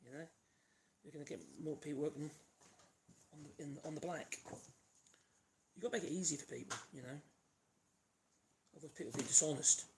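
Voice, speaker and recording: In his home workshop, a woodworking host with a Norfolk accent from the East of England streams a relaxed live demo. His slightly high voice is fairly quick with vocal fry and frequent pauses, and he rambles and hums as he works. Sanding and tool noise make the stream noisy.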